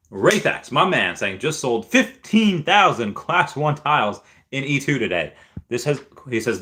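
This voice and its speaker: A man hosting a casual livestream, reading viewers' chat messages aloud, thinking out loud with fillers, and sometimes jumping into high squeals of delight. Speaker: livestream host.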